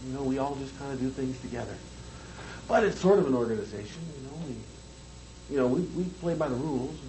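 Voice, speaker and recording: A man voicing a burly, laid-back male biker who speaks low and quietly. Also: expressive, quick pace, a little hiss or hum, close to an everyday voice, poor audio. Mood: casual.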